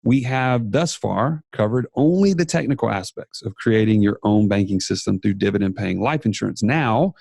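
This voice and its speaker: A man with a Southern US accent co-hosting a podcast in a playful, upbeat way. His voice has a gravelly rasp to it. The sound is dry and close. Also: on the low side, expressive, moderate pace, hardly any pauses, darkish tone, no room sound. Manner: playful, hypes listeners. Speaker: podcast co-host. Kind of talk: casual podcast chat.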